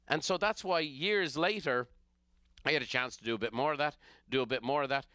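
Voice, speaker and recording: A middle-aged man with an Irish accent tells stories for a motivational business podcast, acting out the characters as he goes. His voice sounds bright and crisp. The recording is close and dry. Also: medium pitch, fairly quick, no room sound. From Ireland. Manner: animated storyteller who acts out characters. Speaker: business coach and podcast host. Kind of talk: storytelling motivational talk.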